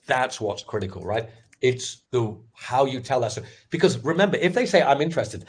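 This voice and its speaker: Animated husky-voiced middle-aged man. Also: mid-range voice, a little fast, few pauses. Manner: animated, candid storytelling with frequent restarts. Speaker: sales expert and former startup founder. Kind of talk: webinar talk.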